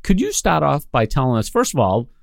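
Chatty male podcast host, lively pitch. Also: a little fast, gravelly, dry recording, studio quality. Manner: chatty, joking. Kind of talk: casual interview chat.

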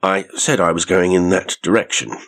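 A man's voice: deep voice, animated, moderate pace, slightly rough, exaggerated voice. A man reading a story aloud and voicing a curt, unfriendly male detective. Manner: terse and grim.

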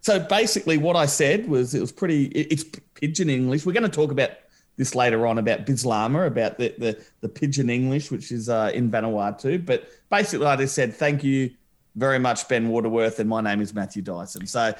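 A man's voice: medium pitch, a little fast. A man co-hosting a podcast, enthusiastic and rambling with frequent restarts. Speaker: podcast co-host. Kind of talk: casual podcast chat.

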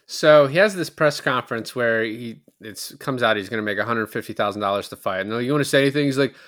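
A man's voice: mid-range voice, quick pace, a bit bright. A man co-hosting a casual movie podcast, retelling scenes and acting out the lines, swearing casually. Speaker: podcast co-host. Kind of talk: casual movie review chat.

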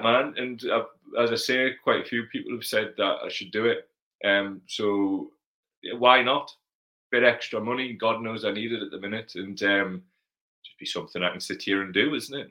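A Geordie man chats through a casual livestream Q&A in a lowish voice with a bright, forceful edge. He is blunt and sweary, reading out viewer comments and answering them straight. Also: rough recording. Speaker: livestream host.

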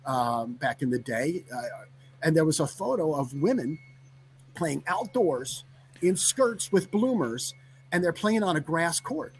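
A man, a sports reporter calling in remotely, chatting in a relaxed, rambling way with many fillers. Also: fairly high pitch, measured pace, a little hiss or hum. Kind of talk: casual conversational chat.

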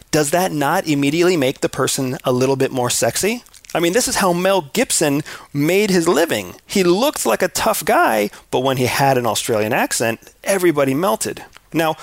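A man from the United States speaks in a measured lecturing tone, his pitch moving a lot and sitting a little high for a man. His voice has a gravelly edge, and it sounds close and dry with no room echo. He often turns to the listener with rhetorical questions. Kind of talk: scripted talk on culture.

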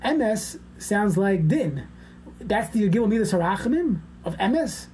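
A woman's voice: mid-range voice, sing-song, a little slow, dark tone, slight background noise. A woman giving an informal, conversational lecture as a class teacher, explaining points step by step.

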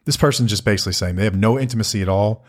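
A man's voice: lowish voice, racing. A middle-aged man co-hosting a casual podcast, reading listener questions and answering them in an earnest, reflective way. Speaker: podcast co-host.

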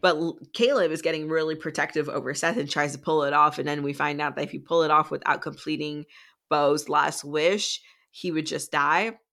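A woman's voice: low voice, fairly even intonation, a little fast, a bit bright. A woman co-hosting a podcast, casually recapping a book plot in a rambling way full of "like" and "um". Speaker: podcast co-host.

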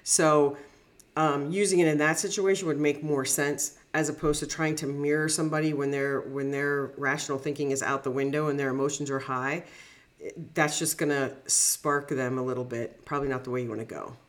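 A woman's voice: deep voice, steady tone, brisk. A middle-aged woman, a negotiation coach, chatting animatedly on a podcast, laughing easily and acting out examples. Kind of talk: casual podcast chat.

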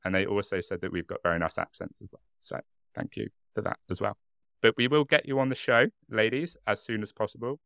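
A man's voice: lowish voice, fairly even intonation, a little fast, gravelly, fairly bright tone, no room sound, studio quality. A man with a British accent co-hosting a podcast, chatting casually and laughing often. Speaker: podcast co-host. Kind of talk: casual chat.

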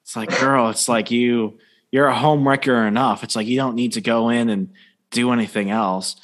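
A man's voice: mid-range voice, fairly even intonation, moderate pace. A young man in casual podcast chat, joking crudely and rambling through long anecdotes.

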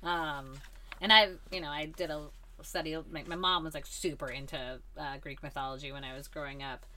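A woman's voice: sits low, fairly even intonation, normal speed, sharp tone, slight background noise. A young woman co-hosting a podcast in a comic store, chatting casually, agreeing often and swearing freely. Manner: agreeable, frequent backchannels and laughs, casual swearing. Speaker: podcast co-host. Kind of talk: casual chat.

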